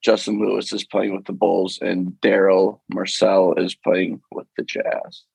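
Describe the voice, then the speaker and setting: A low, gravelly-voiced man, talking sports on a podcast. His voice is husky, and he rambles along casually with plenty of fillers. The sound is close and dry. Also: little pitch movement, unhurried, a little mellow, dry recording, rough recording. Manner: easygoing, rambling, many fillers. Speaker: podcast co-host.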